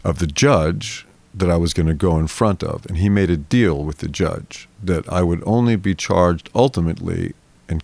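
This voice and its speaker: Gravelly deep-voiced older man telling a story. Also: dry recording. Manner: rambling, animated storyteller acting out quoted voices. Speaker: interview guest. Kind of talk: storytelling in a conversation.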